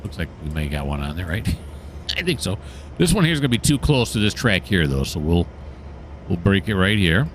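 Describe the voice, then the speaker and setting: A man's voice: deep voice, vocal fry, a little hiss or hum. A man casually commentating his train-simulator play, chatty and mildly sarcastic, talking to himself and the game. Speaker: gaming channel host.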